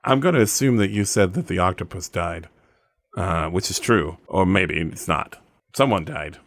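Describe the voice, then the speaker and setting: A man's voice: sits low, moderate pace, fairly bright tone, no room sound, clean studio sound, pitched below the performer's own voice. A man playing a laid-back masked hero. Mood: doubtful. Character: laid-back masked adult male crime fighter.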